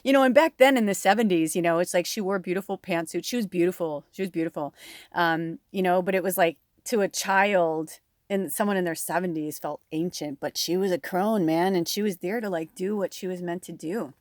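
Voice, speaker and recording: A woman with a slightly low, dry-sounding voice gives a casual tarot reading to her viewers. She rambles in a chatty way, leans on filler words and laughs often as she goes. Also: brisk, no echo. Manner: laughs often while talking. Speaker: tarot reader.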